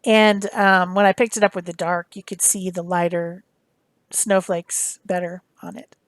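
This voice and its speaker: A woman's voice: on the low side, flat delivery, measured pace, dry recording. A woman talking through a craft demonstration in a casual, rambling way, with many fillers and restarts. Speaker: craft tutorial host.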